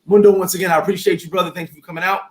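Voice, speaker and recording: A man hosting a casual talk show, speaking in a lively, preachy motivational way. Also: high-pitched, racing. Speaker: host. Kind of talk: casual chat.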